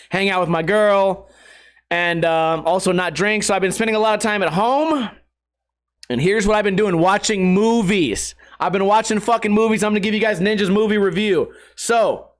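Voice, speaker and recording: High-voiced male host, sarcastic, swears a lot, loose casual rant. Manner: profane, sarcastic, animated. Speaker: podcast host.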